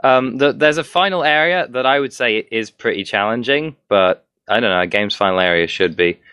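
A man's voice: medium pitch, moderate pace, bright, forceful tone, clear, resonant tone, dry recording. A man chatting casually as a podcast co-host, sarcastic and crude, enthusing about games.

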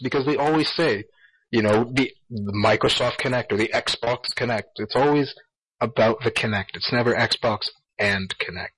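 A man's voice: medium pitch, a bit bright, breathy edge, no room sound, poor audio. A man in casual gaming podcast chat, exasperated and swearing freely as he rants. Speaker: podcast co-host.

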